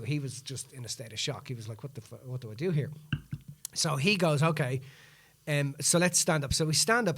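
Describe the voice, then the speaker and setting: Animated storytelling man, slightly high voice. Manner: animated, acts out quoted speech in the retelling. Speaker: podcast host. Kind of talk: casual storytelling chat.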